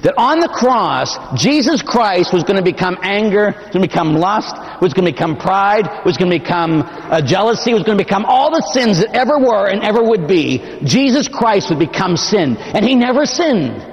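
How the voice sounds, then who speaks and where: A man, a Catholic priest, preaching a dramatic sermon, swinging between loud emphatic passages and hushed, drawn-out phrases. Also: sits high, dull audio. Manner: dramatic, impassioned preaching with sudden swells to shouting and drops to near-whisper. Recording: long hall reverb.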